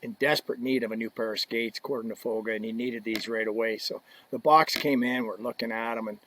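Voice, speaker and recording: A man's voice: mid-range voice, fairly even intonation, fast talker, slight background noise, low-quality recording. An older man, a podcast guest, telling joking stories in a casual, anecdotal way. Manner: joking, anecdotal, drops in hushed asides. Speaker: podcast guest, equipment representative. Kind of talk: casual storytelling.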